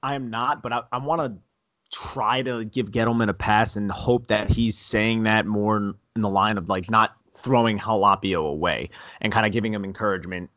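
A man co-hosting a sports podcast, talking in a measured, conciliatory way in casual chat. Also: lowish voice, steady tone, a bit bright, no room sound. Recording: dry dull lo-fi audio.

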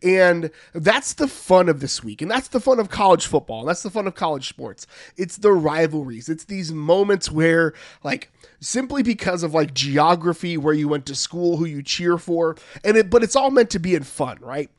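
A man's voice: on the high side, lively intonation, normal speed, no echo, studio quality. Earnest, fired-up young sports podcaster man. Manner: earnest, building to fired-up emphasis. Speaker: podcast co-host. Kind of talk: casual sports podcast chat.

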